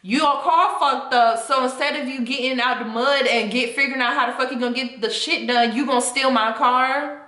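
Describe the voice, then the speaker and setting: Young woman vlogger, fairly high and bright, profane and heated, echoey room. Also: normal speed. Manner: heated, profane, venting to viewers. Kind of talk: casual storytime rant.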